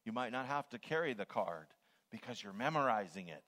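Older man, sermon, lively pitch, stresses words, swells loud on scripture. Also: fairly quick. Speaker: preacher.

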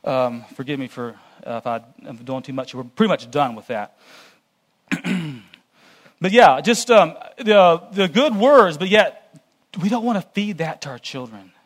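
A man with a fairly high voice addresses a church gathering in an earnest, cautionary tone. He delivers a conversational sermon-style lecture, talking directly to the congregation. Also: expressive, measured pace. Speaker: church speaker.

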